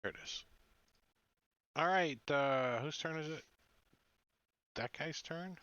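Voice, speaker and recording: Guy dm rambling thru a tabletop game, bright tense voice, dry dull mic. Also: a little high, takes it slowly, no echo. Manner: loose, rambling, joking. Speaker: dungeon master.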